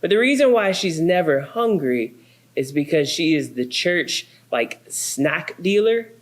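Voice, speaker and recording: Pastor guy in his 30s telling goofy family stories, bouncy lively voice, a bit high. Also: a little slow. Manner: animated, self-deprecating, comic. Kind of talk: humorous sermon storytelling.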